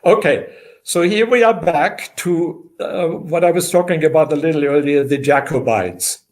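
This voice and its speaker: An older man, a historian as the guest of an interview, explaining in a measured way with many filler pauses. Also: fairly high pitch. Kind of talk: unscripted interview.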